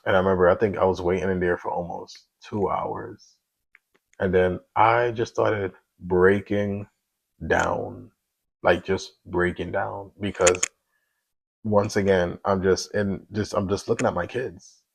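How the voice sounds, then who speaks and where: A man with a deep, gravelly voice tells his personal story in a casual, emotional testimony. His tone is husky and rough at the edges, and he keeps it conversational with easy slang. The sound is close and dry. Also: steady tone, normal speed, dry recording, poor audio. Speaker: single father telling his story.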